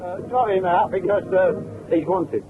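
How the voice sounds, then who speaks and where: Chatty high-voiced man, old film. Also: normal speed, crowd noise. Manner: jovial, chatty banter with friends. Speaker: documentary subject. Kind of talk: casual chat. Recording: thin phone-like 1970s film sound with faint hiss.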